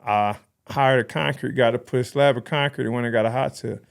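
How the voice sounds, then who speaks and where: A man in his thirties, a podcast guest in casual conversation, telling animated stories and acting out quoted dialogue. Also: mid-range voice, brisk, vocal fry. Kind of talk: casual interview chat.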